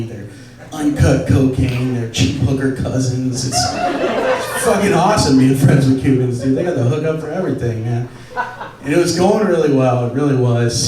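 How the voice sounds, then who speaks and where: A man's voice: medium pitch, a little mellow. A young man doing a crude, self-deprecating, conversational stand-up set on a comedy club stage. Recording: echoey club, distant mic, audience laughter.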